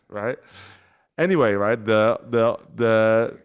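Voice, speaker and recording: A man's voice: mid-range voice, normal speed, clear, resonant tone. A man chatting casually as a podcast guest, swearing freely and calling people "bro" and "man" as he tells stories. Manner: swears freely, says "bro" and "man", lively when telling a story. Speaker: podcast guest, jiu-jitsu competitor. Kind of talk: casual chat, storytelling.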